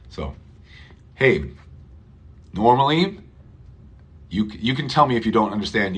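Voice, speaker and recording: A man teaching English pronunciation in a live online class, who repeats words slowly for Spanish-speaking learners. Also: on the low side, a bit bright.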